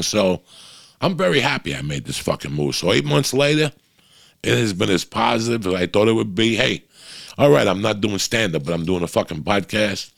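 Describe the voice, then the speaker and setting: A middle-aged man with a very low, gravelly, wheezy voice rambles through a confessional podcast monologue, swearing constantly. He sounds close and dry on a podcast mic, with no room around him. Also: no echo. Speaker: podcast host. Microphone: podcast microphone.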